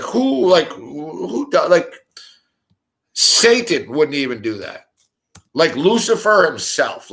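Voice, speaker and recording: A man's voice: fairly high pitch, fairly bright tone. Heated, swearing man ranting. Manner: heated, swearing constantly, rapid rhetorical questions. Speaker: sports talk show host. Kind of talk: profane ranting monologue.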